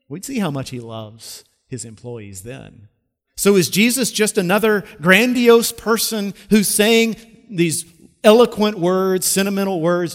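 A pastor preaching a sermon, telling stories and dropping from loud emphasis to hushed, slow lines. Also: male voice, a little high. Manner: storytelling preacher with wide swings between loud and hushed. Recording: long reverb of a large hall.

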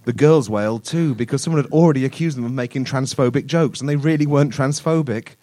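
A man's voice: mid-range voice, fast talker. Man telling a crude comic story. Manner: deadpan, crude, breaks into laughter. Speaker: comedian telling an improvised story. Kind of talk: live comedy storytelling.

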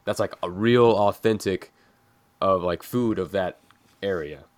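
A man with a lowish voice, host of a laid-back podcast chat. He talks loosely and piles up "like" fillers as he goes. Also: unhurried. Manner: loose, filler-heavy talk with many "like"s.

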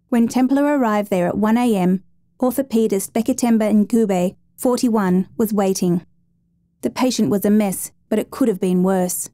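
A woman reading a dramatic true story as a steady, measured narrator. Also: medium pitch, no echo.

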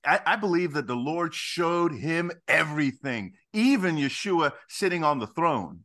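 A middle-aged man, a ministry founder, talking as a guest in a podcast interview with emphatic, animated, preacherly storytelling. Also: on the high side, unhurried.

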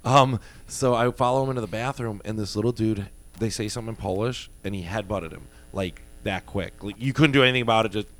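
A young man in casual chat, telling animated stories and swearing freely. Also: lowish voice, quick pace, hardly any pauses.

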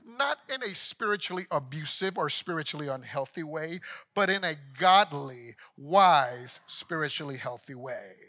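Bright-voiced high male pastor preaching. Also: animated, moderate pace. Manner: builds to loud, emphatic repetition, then drops low for scripture. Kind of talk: sermon.

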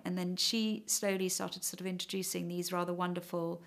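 A woman's voice: fairly low pitch, level tone, brisk, creaky, a bit bright. Hesitant, reflective woman. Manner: hesitant, reflective, many fillers and "sort of". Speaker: interviewee. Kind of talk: personal account in conversation.

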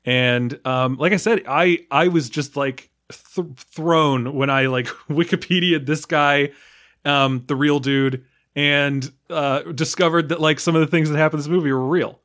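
A man's voice: fairly high pitch, fairly even intonation, a little slow, fairly bright tone. A man from the United States talking casually about a film, rambling with many fillers, restarts and small laughs. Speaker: film podcast guest.

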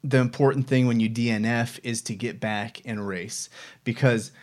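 A man's voice: mid-range voice, fairly even intonation, moderate pace, darkish tone. A man in his thirties hosting a casual personal vlog, talking reflectively with many fillers and restarts. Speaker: vlog host.

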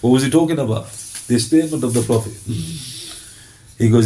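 A man giving a lively, conversational sermon and often slipping into quoted voices. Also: medium pitch, brisk, pauses often, rough recording. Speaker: Islamic preacher.

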